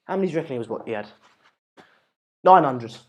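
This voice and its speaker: A man's voice: mid-range voice, lively intonation, fast. Rambling English-accented young man streaming. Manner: rambling, chatty, jokey, self-deprecating. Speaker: livestream host. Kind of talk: casual live-stream chat reading viewer comments.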